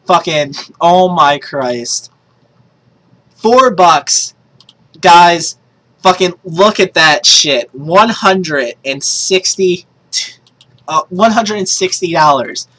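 Low-voiced woman, excitable and foul-mouthed. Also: drawn-out words, long pauses, rough recording. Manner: excitable, swears a lot, shrieks when thrilled. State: yelling in excitement. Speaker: gaming streamer. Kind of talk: casual gaming commentary.

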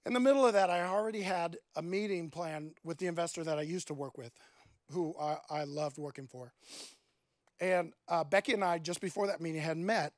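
A man's voice: a little high, fairly quick, no echo, clean studio sound. A man preaching a sermon, telling a personal story in a conversational way and acting out his own thoughts. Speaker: guest preacher.

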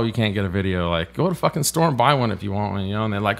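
Gravelly low-voiced man telling stories. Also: expressive, racing, hardly any pauses. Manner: profane, rambling anecdotes with acted-out quotes. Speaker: guest, stunt biker. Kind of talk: casual podcast storytelling.

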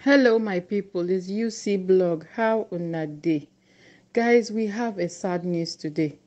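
A woman's voice: fairly low pitch, unhurried, warm tone, lo-fi sound. A Nigerian woman presenting news on her vlog, chatty and speaking straight to her viewers. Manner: chatty, addressing viewers directly. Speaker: news vlogger.

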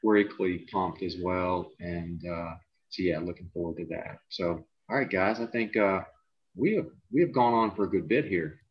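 A middle-aged man hosting a podcast over a video call, talking in a halting way with frequent "uh"s and repeated words. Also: low voice. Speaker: podcast host and coach. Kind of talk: casual podcast chat. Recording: dull lo-fi video call audio.

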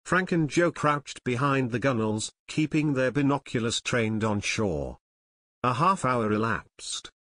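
Male audiobook narrator, measured and steady, mid-range voice, dead-dry close mic. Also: medium pitch, no room sound. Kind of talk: scripted narration.

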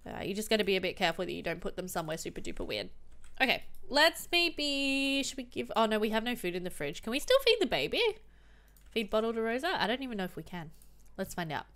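A woman's voice: mid-range voice, sing-song, quick pace, fairly bright tone. A young woman chatting casually as she comments on her own gameplay, exclaiming and laughing often. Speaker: gaming commentator.

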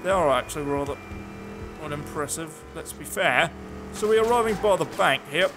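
A man's voice: on the high side, expressive, moderate pace, over music. A man giving sarcastic, chatty let's play commentary, talking back to the characters on screen. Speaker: gaming video host.

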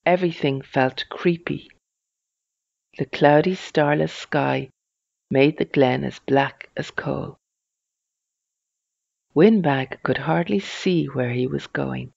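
A reader telling a children's storybook in a slow, even storytelling manner. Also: medium pitch, vocal fry, dry recording, dull audio.

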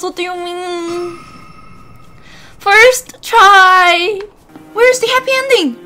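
A woman streamer giving loud, frantic gameplay commentary, yelling and swearing as she plays. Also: very high voice, takes it slowly, long pauses. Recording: game music behind the voice.

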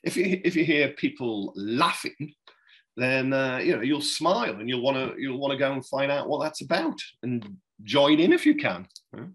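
A middle-aged man, a political journalist guesting on a podcast, chuckles as he rambles through stories, restarting often and dropping plenty of "you know"s. His medium-pitched voice has a breathy edge and big pitch swings at a normal speed, and the audio is poor.

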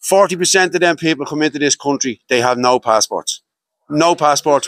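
A man's voice: on the high side, a little fast, no echo, rough recording. A man with a Dublin accent giving a blunt rally speech, repeating his points emphatically. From Dublin, Ireland. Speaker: rally speaker.

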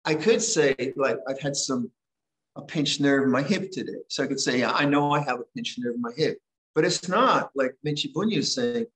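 An older man teaching at a monastery, giving a gentle, conversational dhamma talk with frequent restarts. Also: medium pitch, roomy sound, low-quality recording. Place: monastery hall.

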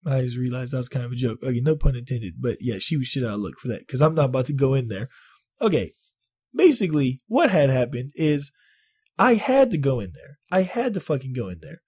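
A man vlogging, telling a story in casual, profane talk, animated and exaggerating. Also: mid-range voice, fairly quick, breathy edge. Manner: animated, swears a lot, exaggerates.

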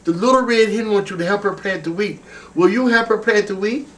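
A man hosting a children's show, talking in an animated, exaggerated, teasing way. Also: sits high, brisk, recorded from a distance. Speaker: children's entertainer and show host. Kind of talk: playful children's show banter.

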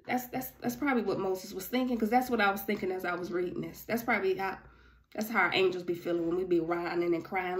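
A woman's voice: mid-range voice, moderate pace. A woman reading a Bible passage aloud and breaking off into casual, ad-libbed commentary. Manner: conversational, ad-libbing asides between verses. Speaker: Bible teacher.

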